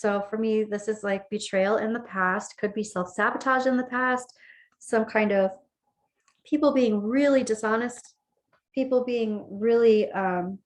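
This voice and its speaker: A woman talks through a tarot reading in a loose, conversational way. Her voice sits at an ordinary middle pitch. She often restates and rephrases a line before moving on to the next card. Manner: conversational, repeats and rephrases phrases. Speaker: tarot reader. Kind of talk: casual spoken tarot reading.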